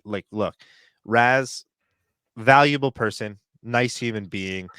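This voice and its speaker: Man, low voice, dry close sound, casual podcast chat, animated rant. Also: dry recording. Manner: animated ranting with laughs. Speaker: podcast co-host.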